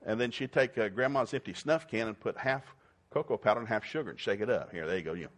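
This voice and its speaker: An older man preaching a folksy sermon, telling homespun stories with lively, emphatic bursts. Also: medium pitch, fast, a little hiss or hum.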